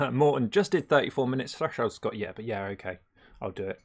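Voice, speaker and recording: A man's voice: medium pitch, expressive, a little fast, breathy edge. A man chatting casually on a live stream, rambling and laughing often, with many hesitant fillers.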